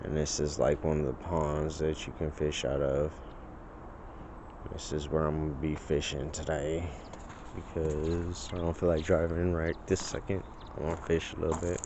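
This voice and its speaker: A man's voice: a bass voice, level tone, normal speed, background noise. A man telling a rambling story in a casual vlog, full of fillers, recorded on a phone outdoors by a pond. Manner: rambling, filler-heavy, retells dialogue in put-on voices. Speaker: vlogger.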